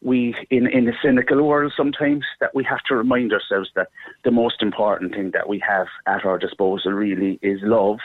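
A man's voice: lowish voice, steady tone, fairly quick, no room sound. Effusive middle-aged Irish man on a phone line. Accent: Cork Irish. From Ireland. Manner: effusive, warm-hearted talk with repeated restarts. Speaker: actor and guest. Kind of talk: phone interview.

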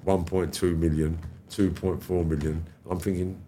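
A middle-aged man, telling animated stories as a podcast guest and swearing freely. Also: deep voice, moderate pace, slight background noise. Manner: animated, swears freely, acts out quoted dialogue. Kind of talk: storytelling interview chat.

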